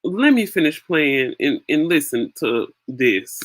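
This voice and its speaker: A woman's voice: low-pitched, sing-song, takes it slowly. A woman hosting her own channel, giving casual spoken commentary on a video clip and often repeating words as she thinks aloud.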